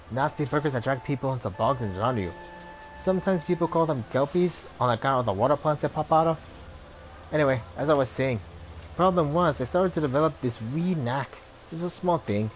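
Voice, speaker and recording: A man's voice: medium pitch, lightly acted, low-quality recording. A man voicing a brawny, brash young Irish woman, an ex-ranger who talks in a chatty, blunt and slangy way.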